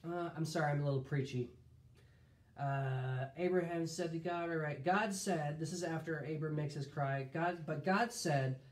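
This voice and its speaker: A man's voice: a little high, fairly even intonation, normal speed. Man leading a Bible study, roomy echo. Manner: thinks aloud with restarts, reads scripture in a lifted voice. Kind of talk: casual Bible study teaching. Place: room streamed live.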